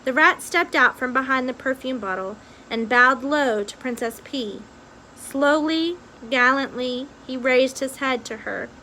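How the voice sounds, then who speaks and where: Woman reader, high and bright, expressive storybook reading. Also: measured pace, a little hiss or hum, low-quality recording. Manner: recaps casually, then reads with expression. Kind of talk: reading a children's novel aloud.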